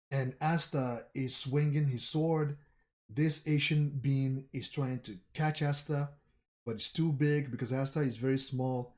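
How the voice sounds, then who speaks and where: A man reading a comic aloud with live commentary. He thinks out loud and often repeats his phrases. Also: mid-range voice, steady tone, measured pace. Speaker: manga reaction streamer.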